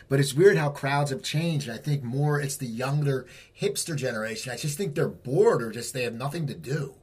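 Husky male comedian riffing on his jokes. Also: medium pitch, expressive, a little fast, hardly any pauses, darkish tone. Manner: rambling, self-deprecating joke telling. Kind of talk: casual conversation.

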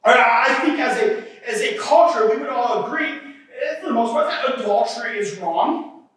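A man preaching in a chatty way, often asking his congregation "right?" and swinging between loud emphasis and quieter asides. His voice rings through a very echoey church hall. The mic sits well away from him, so he sounds distant. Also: very high-pitched, animated, moderate pace. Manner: conversational, keeps asking "right?". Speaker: pastor. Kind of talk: sermon.

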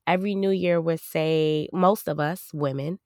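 A woman hosting a casual podcast, her voice hoarse and nearly gone from coughing, chatty and repeating herself. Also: sits low, fairly even intonation, moderate pace, a little mellow, dry recording, studio quality. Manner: chatty, repeats herself, laughs between thoughts. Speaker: podcast host.

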